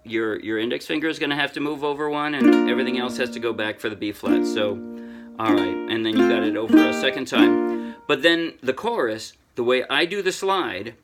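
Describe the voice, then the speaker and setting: An older man walks through a ukulele song in a relaxed, rambling way, correcting himself and joking about his own mistakes. His voice sits at an ordinary middle pitch. Loud ukulele playing runs under his talk. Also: fairly quick, over loud music. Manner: chatty, self-deprecating, thinks aloud with restarts. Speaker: ukulele teacher. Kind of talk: casual music tutorial.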